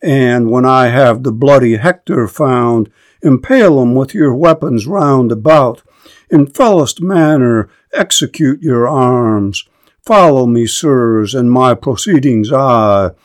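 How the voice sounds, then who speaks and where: A man's voice: mid-range voice, slow pace, no echo, close to an everyday voice. A man reading the part of a proud, scornful Greek warrior in formal verse. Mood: commanding.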